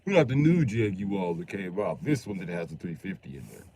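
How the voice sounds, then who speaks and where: A man's voice: deep voice, lively intonation, moderate pace, dark tone, slight background noise. A young man streaming a game, rambling and joking with plenty of profanity. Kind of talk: casual gaming livestream chat.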